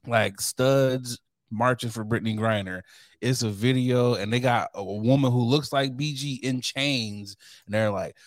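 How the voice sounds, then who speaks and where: A man's voice: mid-range voice, a little slow, dry recording, clean studio sound. A man co-hosting a casual podcast chat, joking and acting out quotes as he talks. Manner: animated, joking, acts out quotes. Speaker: podcast co-host.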